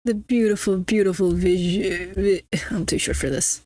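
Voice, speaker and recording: A woman's voice: mid-range voice, fairly even intonation, moderate pace, mellow, dry recording. A young adult woman streaming a game, chatting casually and teasing her chat with mock-snobby banter. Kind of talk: casual live-stream chatter while gaming.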